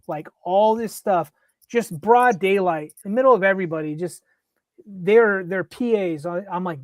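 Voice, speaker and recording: Animated man telling a story. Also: high-pitched, measured pace, dry recording. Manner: animated storyteller, acts out quotes. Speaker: podcast co-host. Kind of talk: casual sports podcast chat.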